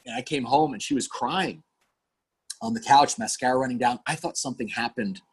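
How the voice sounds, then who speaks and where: A man in his forties talks like a pastor sharing his life on a podcast. He is earnest and animated, and he acts out remembered conversations. His voice has a husky, slightly breathy edge, with a middling pitch. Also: a little fast. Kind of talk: candid conversational storytelling.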